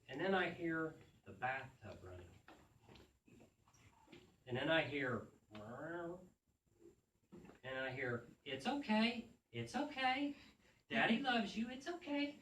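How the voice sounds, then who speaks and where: A man visiting a school as a children's author, telling homespun stories in a folksy, questioning way. He keeps turning to the kids with questions. The sound is roomy and echoey, picked up from some distance away, with a faint hiss underneath. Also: on the high side. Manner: lively, questioning, folksy storyteller. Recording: echoey room, mic from afar.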